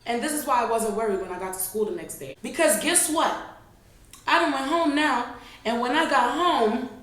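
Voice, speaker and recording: A young woman tells a storytime vlog, talking straight to her viewers in loose, animated slang. Her voice sits a little high. The room around her is very echoey. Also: normal speed. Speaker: vlogger.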